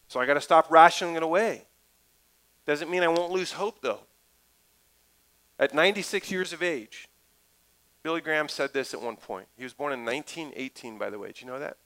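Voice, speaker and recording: A middle-aged man, a pastor, preaching a lively, conversational sermon full of asides and stories. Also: medium pitch, normal speed, rough recording.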